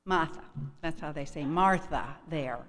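A woman's voice: mid-range voice, animated, measured pace, a bit bright. Wry woman telling a story in a hall. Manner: wry, frank and confiding. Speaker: speaker sharing a recovery story. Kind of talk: storytelling to a live audience. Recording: echoey hall.

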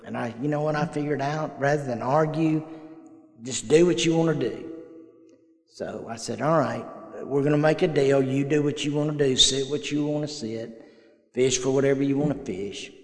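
A man's voice: mid-range voice, moderate pace. An older man, telling folksy personal stories at a recovery meeting and acting out the dialogue. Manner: folksy storyteller, acts out quoted dialogue. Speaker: AA meeting speaker. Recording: echoey hall.

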